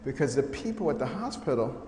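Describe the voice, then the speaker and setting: A middle-aged American man giving a storytelling talk to an audience, humorous and animated, often acting out the voices of the people he quotes. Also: medium pitch, quick pace, music in the background. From United States. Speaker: speaker giving a testimony talk. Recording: echoey hall sound with faint noise.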